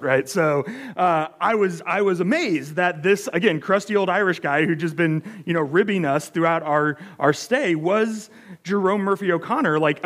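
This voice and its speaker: A man's voice: high-pitched, fairly bright tone. An American man giving a sermon, telling a story in a chatty, self-deprecating way with many fillers. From United States. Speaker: pastor.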